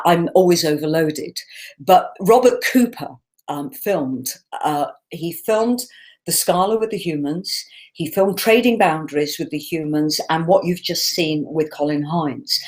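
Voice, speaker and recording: A woman's voice: sits low, moderate pace, poor audio. Chatty singer in her sixties. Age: 60s. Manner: chatty, animated and laughing when telling stories. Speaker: singer hosting a live Q&A. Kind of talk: casual chat answering fan questions.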